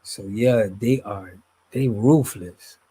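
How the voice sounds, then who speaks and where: A man's voice: on the low side, slow pace, warm tone, breathy edge. A man hosting a live stream, chatting casually and reading viewer comments in a loose, slangy way, his voice trailing off at the ends of phrases. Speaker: streamer host reading chat.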